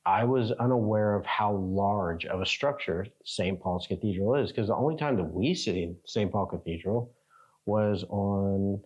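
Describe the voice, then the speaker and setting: An American man, a travel vlogger, telling a rambling, animated story in casual chat. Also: fairly low pitch, unhurried, breathy edge, lo-fi sound. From United States.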